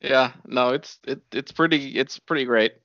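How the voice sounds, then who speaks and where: A man talks in casual chat in a laid-back, somewhat hesitant way, filling in details as he goes. His voice is mid-pitched. The sound is dry and a little lo-fi. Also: moderate pace, bright, forceful tone, no echo. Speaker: podcast co-host.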